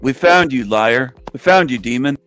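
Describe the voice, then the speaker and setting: A man calling into an online voice chat, taunting another caller in a flat, mocking, repetitive way. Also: medium pitch, moderate pace, soft background music. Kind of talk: trolling taunts.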